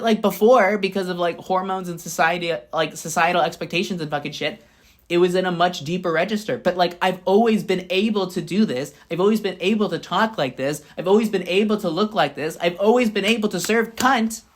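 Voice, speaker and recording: Young woman vlogging, swears a lot, repeats stuff for emphasis, jumps from high squeals to low mutters. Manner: blunt and profane, emphatic repetitions; lively, swings between high bursts and low murmurs. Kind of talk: casual motivational monologue.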